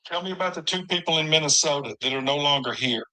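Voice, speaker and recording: A man questioning a guest on a heated online debate panel, pressing and halting. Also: a little high, pushed and bright, poor audio.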